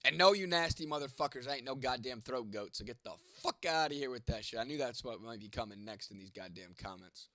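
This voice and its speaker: A man hosting a live stream in a loose, rambling, profane way, talking directly to his viewers. His voice sits at a middling pitch. The sound is dry and close, with no room echo. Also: animated, brisk, few pauses, sharp tone. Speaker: livestream host reading chat. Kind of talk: casual live-stream chat.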